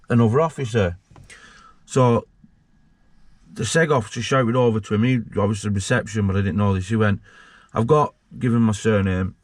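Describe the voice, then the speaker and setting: A man's voice: medium pitch, dry recording. A man, a former prisoner telling his story casually as an interview guest, blunt and sweary, acting out the voices in his story. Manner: blunt and sweary, acts out quoted dialogue.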